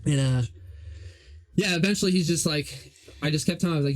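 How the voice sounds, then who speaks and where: A man's voice: fairly high pitch, fast. A young man hosting a podcast, telling a story in a rambling, profane, casual way. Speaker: podcast host. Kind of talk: casual chat.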